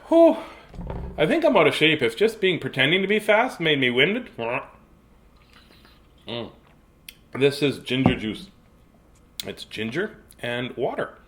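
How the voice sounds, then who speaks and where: A man's voice: medium pitch, a bit bright, a little hiss or hum. A middle-aged man hosting a live-streamed children's storytime, chatty and playful, easily sidetracked and greeting young viewers by name. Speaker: children's book reader and show host.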